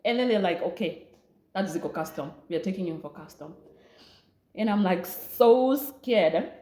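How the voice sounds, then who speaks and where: A young Namibian woman with a Namibian accent, telling a lively storytime vlog, laughing often and mixing in local words. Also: medium pitch, moderate pace, reverberant. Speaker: vlogger. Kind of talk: storytime chat.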